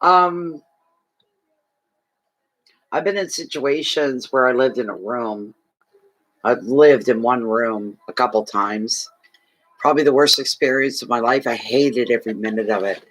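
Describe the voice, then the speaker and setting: A man's voice: mid-range voice, a little slow, long pauses, fairly bright tone. A man from Canada chatting casually on a livestream as a fortune reader, emotional, thanking viewers and talking to his dog.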